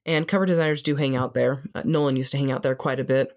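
A woman's voice: extremely low pitch, fairly even intonation, quick pace, a little mellow. A woman co-hosting a podcast, chatty and self-deprecating, laughing often. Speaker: podcast co-host. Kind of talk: casual podcast chat and book reading.

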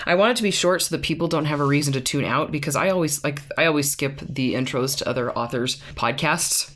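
A woman hosting a podcast in casual chat, playful and quick to laugh as she tries out intro lines. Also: deep voice, a bit bright. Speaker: podcast host.

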